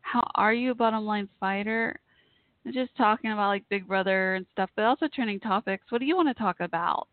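Talking fairly quickly in a medium-pitched voice, a woman runs a casual live internet radio chat show. The sound is dry and tinny like a phone, with no room sound, and she gushes emotionally as she rambles.

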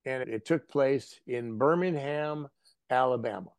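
A man from the American Midwest, an actor and guest, telling anecdotes in a casual interview in an animated way. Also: mid-range voice, unhurried, no room sound. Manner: animated, anecdotal, drops into acted voices.

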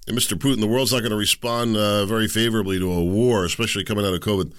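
A man's voice: on the low side, fairly even intonation, very fast, hardly any pauses, fairly bright tone, dry recording, studio quality. A man hosting a show, giving opinionated solo commentary in a rambling, conversational way, often restarting and tripping over words and putting questions to his listeners. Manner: conversational, asks the audience direct questions.

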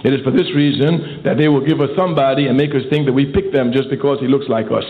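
A man's voice: mid-range voice, steady tone, fast. A man giving an emphatic, rhetorical political speech in an oratorical style. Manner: emphatic, rhetorical, building repetition. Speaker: political speaker. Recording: tinny phone-like archive speech.

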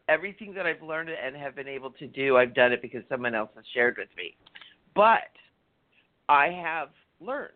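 A woman co-hosting a radio talk show, telling a story in a chatty, animated way and laughing often. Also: a bass voice. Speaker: radio show co-host, energy healer. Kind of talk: casual storytelling chat. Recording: phone-line call-in audio.

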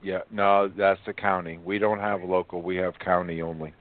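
A man in a casual radio chat, talking slowly and listing details one by one. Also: deep voice, flat delivery. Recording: tinny phone-line sound.

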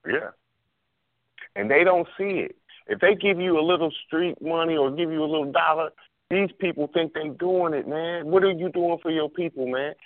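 Man with a somewhat high voice on a phone line. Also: normal speed, no room sound. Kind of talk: casual podcast chat. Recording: tinny phone-line sound, dry.

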